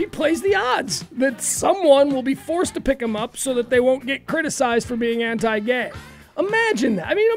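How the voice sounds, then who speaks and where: A woman hosting a talk radio show in a studio, opinionated and riffing quickly in casual commentary. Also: high voice. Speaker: radio host.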